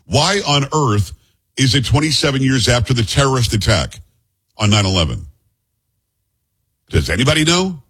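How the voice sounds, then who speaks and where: A man's voice: medium pitch, sing-song, moderate pace, pauses often, fairly bright tone, breathy edge. A man hosting a talk show, giving blunt, heated commentary on the news and sometimes stumbling over names. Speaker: host.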